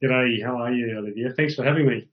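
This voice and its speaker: A man with an Australian accent, a relaxed, easygoing guest in an online interview over a video call. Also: mid-range voice, quick pace, highs cut off.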